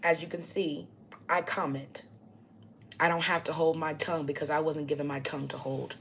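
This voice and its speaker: Low-voiced woman ranting bluntly. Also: slight background noise. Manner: blunt, profane, combative preaching. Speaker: self-styled spiritual teacher. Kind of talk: ranting monologue to camera.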